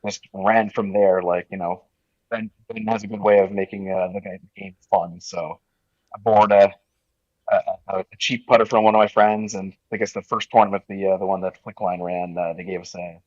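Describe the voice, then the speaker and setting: A man in his forties from Nova Scotia, talking easygoing and a bit halting as a podcast guest. His voice is fairly low, and the sound comes through dull and lo-fi, like a remote call, with no room echo. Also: steady tone, darkish tone. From Nova Scotia, Canada. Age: 40s. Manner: easygoing, halting, many fillers and restarts. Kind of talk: casual interview.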